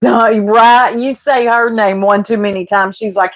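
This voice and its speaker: A woman's voice: a little high, fairly even intonation, unhurried, hardly any pauses. A woman, casually gossiping and laughing with her livestream chat while she cooks. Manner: gossipy, laughing, teasing, addresses chat as y'all. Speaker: livestreamer chatting with viewers.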